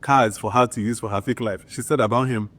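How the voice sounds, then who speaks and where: A man's voice: mid-range voice, steady tone, brisk, fairly bright tone. Chatty man giving a casual movie review. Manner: chatty and enthusiastic, with frequent filler "like".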